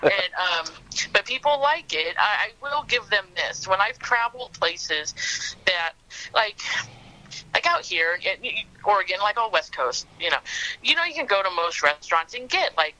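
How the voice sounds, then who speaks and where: A woman's voice: mid-range voice, expressive, normal speed, pushed and bright, low-quality recording. A middle-aged woman from Southern California, chatting as a podcast guest and rambling with lots of fillers. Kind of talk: casual chat.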